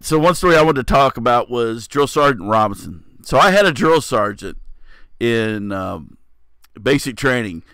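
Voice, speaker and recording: A man's voice: mid-range voice, animated, moderate pace, fairly bright tone, clean tone, dry recording. A middle-aged man co-hosting a casual chat, laid-back and joking, rambling with fillers. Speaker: podcast co-host.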